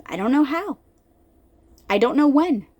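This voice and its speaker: A woman with a high, light voice talks about faith in a loose, chatty way. She is animated and keeps circling back on her words, calling her viewers y'all. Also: measured pace. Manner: animated, chatty, repeats herself. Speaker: faith vlogger. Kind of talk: casual Bible talk. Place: lives in an RV.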